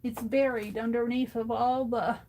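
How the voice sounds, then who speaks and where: A woman's voice: on the high side, steady tone, normal speed, dark tone, slight background noise. A woman livestreaming as she crafts at her desk, chatting casually and thinking aloud to herself as she works. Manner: talks to herself while working, thinking aloud. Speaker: crafting streamer.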